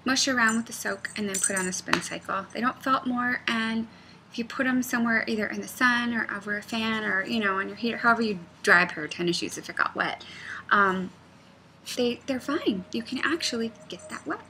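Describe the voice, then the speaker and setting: A woman's voice: on the high side, a little fast, noisy background. A woman knitting designer chatting casually, rambling off on tangents and often dropping to a near-whisper. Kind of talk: casual vlog chat.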